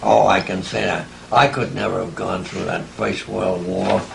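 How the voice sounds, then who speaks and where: A writer in his eighties answers interview questions with reflective stories and chuckling asides, in a deep, gravelly voice at a moderate pace. It's a conversational, storytelling interview, and the audio is poor with slight background noise.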